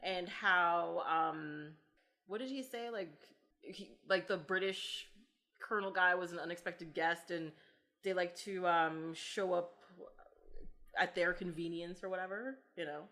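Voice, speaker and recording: A woman's voice: on the low side, fairly even intonation, unhurried, pushed and bright. A woman hosting a podcast, chatting casually about films, laughing often and quoting lines in mock voices. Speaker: podcast host. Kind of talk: casual film chat.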